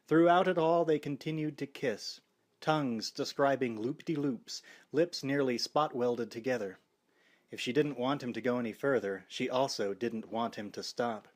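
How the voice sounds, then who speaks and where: A man narrating a horror novel audiobook in a wry, expressive way. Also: mid-range voice, normal speed.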